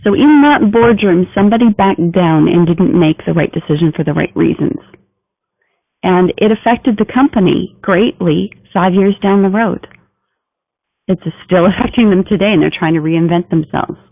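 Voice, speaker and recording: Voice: mid-range voice, moderate pace, gravelly, no echo. A communication trainer giving a business training talk in an emphatic, coaching delivery. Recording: tinny phone-like dry recording.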